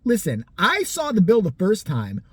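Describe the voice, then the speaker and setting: A vlogger telling a personal story casually, animated, profane and sarcastic, acting out the people in it. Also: mid-range voice, normal speed, slightly rough, dry recording.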